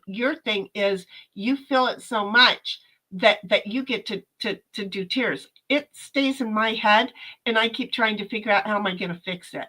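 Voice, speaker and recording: Bright-voiced woman streamer, earnest and heartfelt. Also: medium pitch, poor audio. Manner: earnest and heartfelt, often repeating words as she searches for them; frank, with casual swearing. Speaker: livestream host. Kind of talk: casual livestream chat, reading out viewer comments.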